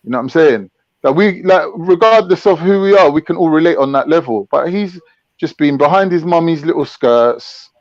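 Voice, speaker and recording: A man's voice: a little high, moderate pace, no room sound. Ranting man, dull dry mic. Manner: ranting, crude, slangy, mocking. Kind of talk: heated casual chat.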